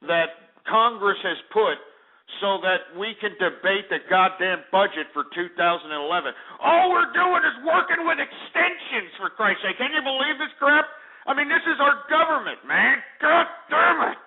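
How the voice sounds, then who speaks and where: A male talk-radio host rants through market commentary, swearing freely and getting worked up. His voice sits fairly high. The sound is thin and boxy, like a phone line. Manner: profane, fired-up ranting. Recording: tinny phone-like audio.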